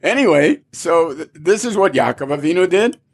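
Animated husky man telling a Talmud story. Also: a little high, moderate pace. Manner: animated, acts out characters' lines. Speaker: Torah teacher.

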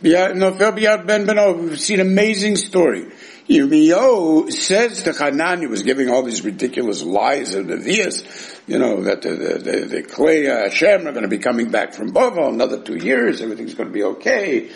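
A man teaching a Talmud class in a fairly high, gravelly voice. He explains the texts with wry, sarcastic asides. His pitch swings a lot as he talks. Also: sing-song, moderate pace.

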